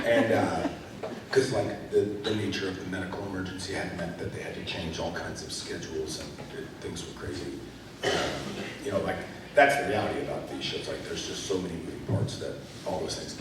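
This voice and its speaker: In a large convention hall, recorded at a distance with echo and background noise, an actor with a low-pitched voice talks casually on a panel. His storytelling rambles and leans heavily on filler words.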